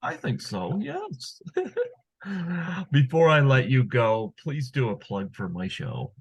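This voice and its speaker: A man's voice: mid-range voice, very animated, slow pace, breathy edge, dry recording. A man hosting a casual interview podcast with brief, easygoing remarks. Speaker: podcast host.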